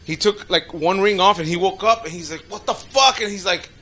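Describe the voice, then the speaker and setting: A man's voice: high voice, steady tone, fairly quick, fairly bright tone. A man co-hosting a podcast, telling profane, laugh-filled stories in casual chat and acting out other people's lines. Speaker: podcast co-host.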